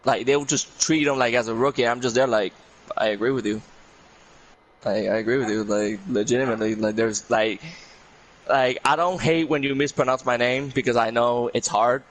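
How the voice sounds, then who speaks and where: A man's voice: mid-range voice, steady tone, moderate pace, rough recording. A man from Puerto Rico, a guest on a casual podcast, telling a story in a rambling way and repeating "I'm there like".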